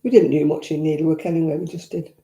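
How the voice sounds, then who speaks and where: In an echoey room at home, an older vlog host with a Northern English accent talks fast in a low, dark voice with fairly even intonation. She reminisces casually while answering viewers' comments, throwing in blunt asides.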